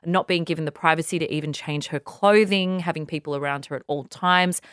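A woman co-hosting a casual podcast, her voice low and noticeably smooth. She walks through the news earnestly, stacking one point after another. The sound is close and dry, with no room around it. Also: steady tone, brisk, a bit bright, no room sound. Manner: earnest, retells news in long lists. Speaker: podcast co-host. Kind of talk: casual chat.

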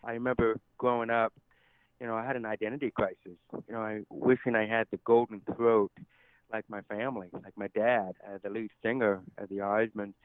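Over a dry, tinny line that sounds like a phone, a man from the United States speaks with a deaf accent in a casual podcast interview. His voice sits on the low side, clean and echo-free, delivered flatly and a little fast, yet his words are earnest, effusive and full of gratitude.

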